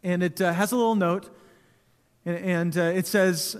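A man in his thirties preaching a sermon in a church, telling stories in a relaxed, conversational way with touches of humor. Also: sits high, moderate pace. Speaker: pastor. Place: church sanctuary. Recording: long hall reverb.

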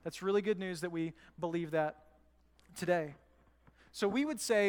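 A man's voice: sits high, moderate pace, pauses often, clear, resonant tone. A male pastor preaching a sermon in a church, conversational and often checking in with the room. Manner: conversational, asks the room "right?". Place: church sanctuary. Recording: church hall with long reverb.

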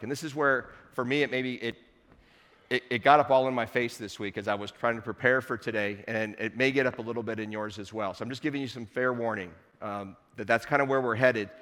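A man preaching a sermon to his congregation in a relaxed, conversational way with playful asides. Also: medium pitch, big-room sound. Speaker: pastor. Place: church sanctuary.

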